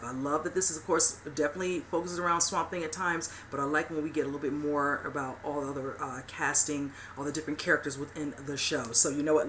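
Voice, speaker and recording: Deep yet bright, her delivery is forceful as she rambles through a casual episode recap for her TV channel. She leans on "you know" and "whichever" constantly, and a little background hiss or hum can be heard.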